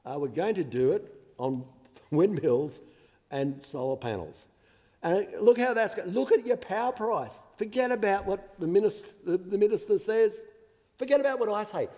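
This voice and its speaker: A man's voice: high-pitched, lively intonation, moderate pace, dark tone. An Australian man, a member of parliament, giving a combative and sarcastic debate speech, mocking his opponents. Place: large parliamentary chamber. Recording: long reverb of a large chamber.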